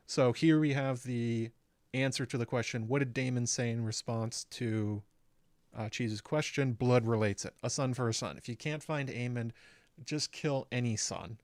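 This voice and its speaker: A man's voice: medium pitch, normal speed, a little mellow, dry recording. Man casually recapping a TV episode. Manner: conversational, frequent "um" fillers, recapping plot step by step. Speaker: YouTube show host. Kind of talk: casual episode breakdown commentary.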